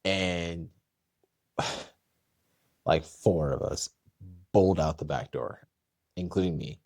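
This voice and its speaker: A young man telling a story in casual chat, animated and acting out the voices of the people in it. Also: sits low, slow, dry recording, clean studio sound. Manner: animated, acts out quoted voices. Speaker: podcast guest.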